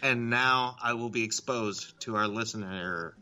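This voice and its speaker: A man's voice: on the low side, measured pace, pushed and bright. A man co-hosting a podcast in casual chat, rambling, poking fun at himself and swearing freely. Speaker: podcast co-host.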